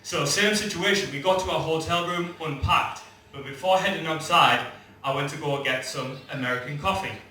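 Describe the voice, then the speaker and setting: A man's voice: a little high, moderate pace, few pauses, sharp tone, a little hiss or hum. A young man from England doing a swearing, brash stand-up comedy set and acting out quoted lines. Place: comedy club stage before a live audience. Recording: very echoey live room from a distance.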